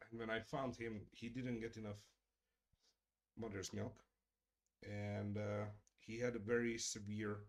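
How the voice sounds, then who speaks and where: A middle-aged man hosting a casual live stream, chatting with viewers in a joking, profane way and murmuring softly to his cat. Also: lowish voice, creaky, slightly rough. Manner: profane, joking, addresses chat directly; drops to soft murmurs talking to his cat. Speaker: streamer hosting a creator hangout.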